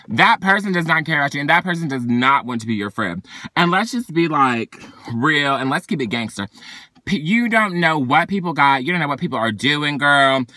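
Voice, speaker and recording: A young man vents to camera from his parked car with sassy, theatrical flair, his voice sitting fairly high. The tone is bright and forceful. The sound is close and dry, with no room echo. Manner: sassy, dramatic, swings from loud outbursts to weary sighs. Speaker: vlogger. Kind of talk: venting monologue to camera.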